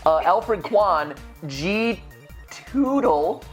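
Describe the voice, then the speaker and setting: A man's voice: high-pitched, very animated, brisk, over loud music. A young man co-hosting a casual livestream, joking and teasing and often laughing. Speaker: livestream co-host.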